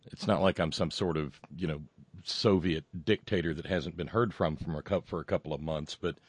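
A man hosting a podcast alone, rambling and halting through sardonic remarks. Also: extremely low pitch, no echo. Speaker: podcast host. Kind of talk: casual solo podcast monologue.

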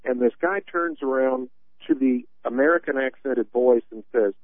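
A man's voice: mid-range voice, moderate pace, no room sound. A man hosting a political talk radio show, telling stories with a sarcastic, rambling manner. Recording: tinny dry phone-line sound.

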